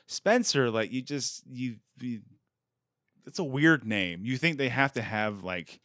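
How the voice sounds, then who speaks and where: A man in his thirties hosting a podcast, chatting casually with quick self-deprecating jokes. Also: medium pitch, no echo, studio quality. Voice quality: animated, jokey, self-deprecating. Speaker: podcast host. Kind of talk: casual chat.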